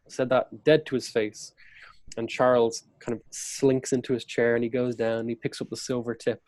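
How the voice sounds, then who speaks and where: A man's voice: mid-range voice, flat delivery, normal speed, a little mellow, no room sound. A man, a podcast guest and historian, telling a historical story in conversation and acting out quotes along the way. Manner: vivid retelling that acts out historical quotes.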